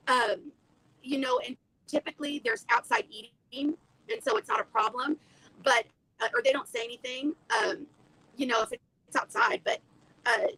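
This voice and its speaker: A woman's voice: high-pitched, creaky, bright, forceful tone, no echo, poor audio. A woman hosting a casual live-stream chat from home, talking in a chatty, flustered, apologetic way. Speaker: host. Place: home, at a computer. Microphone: phone as camera.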